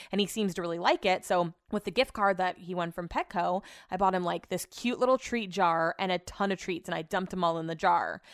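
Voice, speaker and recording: A young woman telling stories in a casual vlog, chatty and animated, swearing casually and acting out quotes. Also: lowish voice, dry recording, clean studio sound. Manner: chatty, animated retelling of arguments, acts out quotes. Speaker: vlogger. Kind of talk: casual storytelling monologue.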